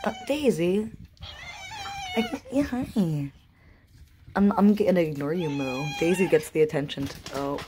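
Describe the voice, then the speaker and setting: A woman's voice: on the low side, sing-song, measured pace, pauses often, background noise. A young woman filming her cats at home on a phone, chatting to them in playful sing-song baby talk. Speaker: cat owner filming her pets. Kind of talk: casual chat to pets on camera.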